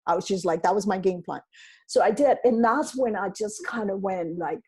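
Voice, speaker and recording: Husky-voiced middle-aged woman telling her story. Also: mid-range voice, normal speed. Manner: animated, rambling, quotes people in voices. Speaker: podcast guest. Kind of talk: casual storytelling interview.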